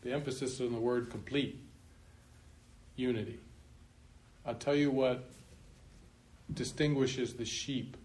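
A male pastor giving a sermon emphatically, slowing down to stress key points and chuckling at his own remarks. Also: medium pitch, fairly even intonation, darkish tone. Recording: roomy room echo, faint noise.

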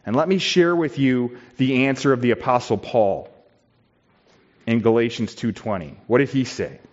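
A man preaching a sermon in a church, slow and emphatic, building on repeated phrases. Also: mid-range voice, muffled recording. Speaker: pastor.

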